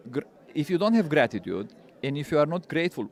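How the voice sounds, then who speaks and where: A man's voice: on the high side, sing-song, fast talker, darkish tone. Guy teaching spiritual stuff, earnest, keeps repeating words. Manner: earnest, repeats words, non-native phrasing. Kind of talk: interview answers.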